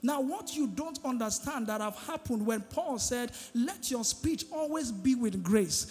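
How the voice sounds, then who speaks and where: A man's voice: very high-pitched, animated, a little slow, darkish tone. A man preaching a sermon as pastor, emphatic and drawing responses from the congregation. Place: large church hall. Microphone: handheld microphone. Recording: long hall reverb, faint music.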